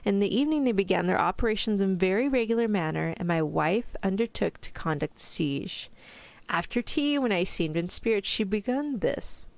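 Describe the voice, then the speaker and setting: A woman reads aloud in a soft-spoken ASMR manner, putting on a British accent. She keeps her voice at a middling pitch and takes care over every word. The sound is dry and close to the mic. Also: animated, vocal fry, no echo. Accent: put-on British. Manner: careful, deliberate pronunciation. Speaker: vtuber streamer.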